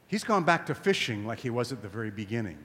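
A man's voice: mid-range voice, big pitch swings, fast, pushed and bright, in a large hall. A man preaching a sermon at a camp meeting, emphatic and conversational, often asking his listeners questions.

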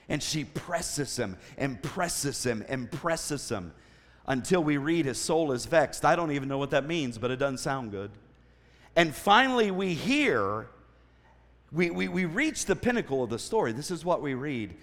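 Male traveling preacher, storytelling sermon, very lively pitch, echoing sanctuary. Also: measured pace. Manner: animated storytelling with asides and voiced quotes. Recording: long hall reverb.

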